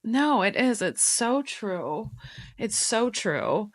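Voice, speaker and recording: A woman's voice: fairly high pitch, very animated, slow, no echo. Chatty woman podcast host, dry sound. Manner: chatty, with frequent fillers. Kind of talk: casual podcast conversation.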